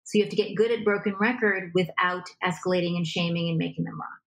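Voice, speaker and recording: A woman relationship coach talking in a conversation, animated and acting out little example dialogues. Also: fairly low pitch, fast, low-quality recording.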